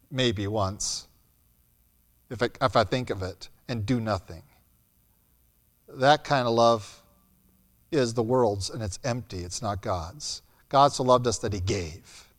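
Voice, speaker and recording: A man preaching a sermon as pastor, blunt and emphatic, swinging between loud and soft. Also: mid-range voice, big pitch swings, slow, long pauses. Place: church hall. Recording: long hall reverb.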